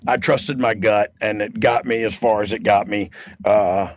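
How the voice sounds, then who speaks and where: A man's voice: on the low side, steady tone, moderate pace, dry recording, lo-fi sound. A man co-hosting a podcast in casual chat, talking confidently and rambling, with frequent laughs. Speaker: podcast co-host, former wrestler and writer.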